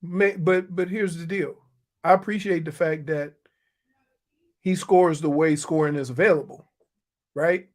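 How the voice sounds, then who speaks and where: A man's voice: a little high, steady tone, measured pace, pauses often, darkish tone. A man co-hosting a sports radio show, arguing and needling his co-host in casual banter. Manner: needling, argumentative.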